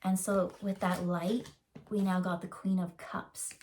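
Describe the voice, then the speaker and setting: A woman giving a casual channeled tarot reading, rambling and emotional, with many fillers, and slowing down to stretch out key words. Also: lowish voice, little pitch movement, a little mellow, a little hiss or hum. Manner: rambling and emotional, full of likes and ums, slows to drag out key words. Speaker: tarot reader.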